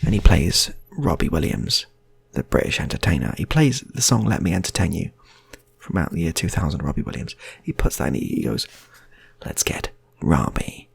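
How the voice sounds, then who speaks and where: A man's voice: low voice, sing-song, fairly quick, gravelly, husky. A man improvising funny stories in a rambling, playful way, often restarting his sentences. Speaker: storyteller. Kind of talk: improvised comic storytelling.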